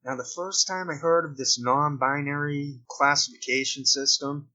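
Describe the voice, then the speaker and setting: A man's voice: on the high side, fairly even intonation, moderate pace, bright, forceful tone, lo-fi sound. A man vlogging in an improvised, rambling way full of digressions and wry asides. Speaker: video blogger. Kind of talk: improvised commentary vlog.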